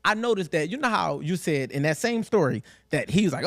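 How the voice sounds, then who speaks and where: A young man talks through a casual podcast in loose, slangy speech. He keeps acting out the people he quotes, and his voice sits fairly high. The sound is close and dry, with no room echo. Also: a little fast. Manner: animated, slangy, acts out quotes. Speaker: podcast host.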